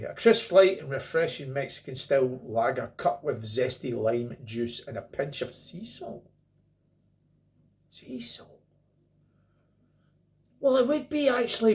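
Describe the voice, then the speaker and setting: A middle-aged Scottish man talking casually to camera as he reviews a beer, rambling and joking. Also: mid-range voice. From Scotland. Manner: chatty, rambling, jokey asides.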